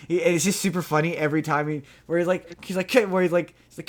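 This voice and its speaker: This podcast host chats casually about a movie, rambling, restarting often, and swearing a lot. He has a high voice with a steady tone and a quick pace.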